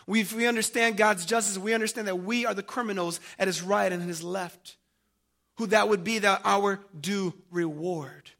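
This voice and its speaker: A man preaching a sermon, dramatic, swinging from loud emphasis to hushed tones and calling his listeners family. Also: high-pitched, normal speed, gravelly.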